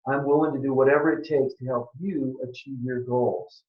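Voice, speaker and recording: A man's voice: mid-range voice, steady tone, moderate pace, echoey room, dull audio. A man in his sixties from southern Minnesota, a health practitioner giving an earnest, emphatic webinar talk that repeats its key points. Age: 60s. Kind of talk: presentation with a sales pitch.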